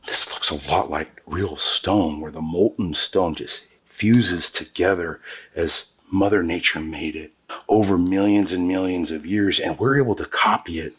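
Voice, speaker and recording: A man's voice: sits low, slightly rough. A man teaching an epoxy pour as the show's host. He talks to viewers in an enthusiastic, slangy way while he works. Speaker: epoxy countertop instructor. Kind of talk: hands-on product demonstration.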